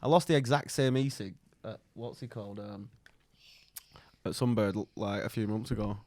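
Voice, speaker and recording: A man's voice: fairly low pitch, normal speed, dark tone, no echo. Chill guy, giggly guest, dry close sound. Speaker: podcast guest. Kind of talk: casual banter.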